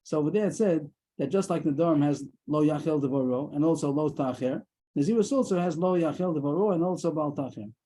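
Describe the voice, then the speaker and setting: A man teaching a daily Talmud class over a video call, explaining quickly and mixing in Aramaic terms. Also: fairly high pitch, mellow, low-quality recording.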